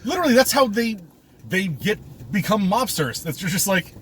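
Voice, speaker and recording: High-voiced man laughing through a movie recap. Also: sing-song, fairly bright tone, a little hiss or hum. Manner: laughs often, retells scenes with quick quoted lines. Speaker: podcast co-host. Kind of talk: casual movie review chat.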